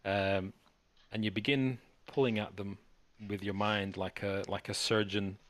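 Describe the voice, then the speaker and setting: A man's voice: lowish voice, no room sound. A man narrating a tabletop game as game master, stumbling and restarting his sentences. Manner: halting narration with stutters and restarts.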